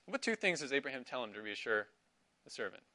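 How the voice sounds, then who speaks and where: A man's voice: mid-range voice, big pitch swings, fast talker, bright, forceful tone. A middle-aged man teaching a Sunday school class, asking his students questions and affirming their answers. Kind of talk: interactive Bible class.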